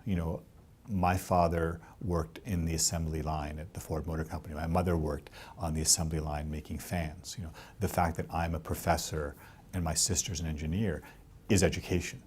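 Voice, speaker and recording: A middle-aged man with a very low, deep voice answers interview questions as a professor. He talks earnestly and returns to his main points again and again. A faint hiss of noise sits under the recording. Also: flat delivery, normal speed, a little mellow. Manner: earnest, repeats key points, many "you know" fillers. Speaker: professor of theology.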